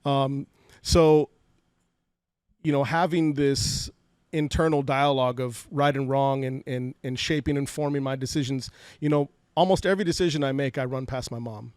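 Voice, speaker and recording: At medium pitch and normal speed, a Fresno, California man in his forties talks in a steady, slightly mellow, smooth voice. As a podcast guest in a personal storytelling interview, he candidly shares emotional stories from his life and often repeats words. The podcast studio mic gives a dry recording.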